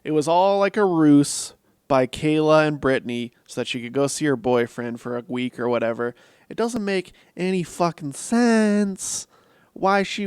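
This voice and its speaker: A man's voice: fairly high pitch, animated, moderate pace, darkish tone, clear, resonant tone, dry recording, clean studio sound. A man giving a casual, blunt film review, swearing freely and laughing at his own jokes. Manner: blunt, profane and sarcastic. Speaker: movie reviewer.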